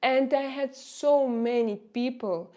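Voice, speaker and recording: Russian-accented woman hosting a casual livestream, halting and searching for words. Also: sits high, mellow. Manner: hesitant, searching for words with many fillers. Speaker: livestream host reading viewer chat.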